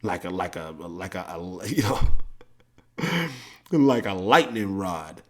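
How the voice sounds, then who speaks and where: A middle-aged man, a podcast host and coach giving a blunt, profane motivational monologue with big jumps in pitch. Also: animated, takes it slowly, fairly bright tone.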